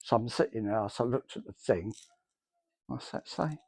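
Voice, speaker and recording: Lowish and darkish, with vocal fry and a breathy edge, this middle-aged man's voice moves at a moderate pace through his spoken church testimony. He rambles and acts out the exchanges he recalls.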